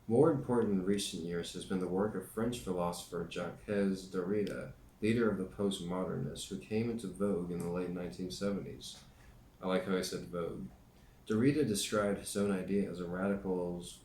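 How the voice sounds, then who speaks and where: Man, very deep voice, reading a book aloud, dry jokey asides, echoey room. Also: darkish tone. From United States. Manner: dry joking asides between read passages. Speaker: reader and teacher. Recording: roomy echo, faint background noise.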